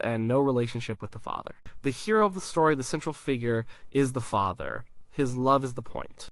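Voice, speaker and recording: A man giving a scripted Bible teaching in a measured, emphatic way, with deliberate pauses. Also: mid-range voice, a bit bright, no room sound. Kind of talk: scripted narration.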